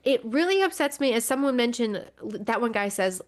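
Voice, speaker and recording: Woman, podcast co-host, wry, exasperated, fairly high voice, casual news chat. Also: lively intonation, moderate pace.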